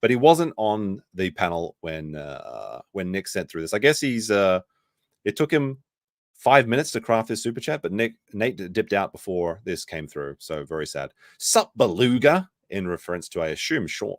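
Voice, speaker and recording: A man's voice: sits low, expressive, normal speed, no room sound, clean studio sound. A man giving casual live commentary on a stream, rambling and correcting himself as he goes. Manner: rambling, self-correcting, mimics people he quotes.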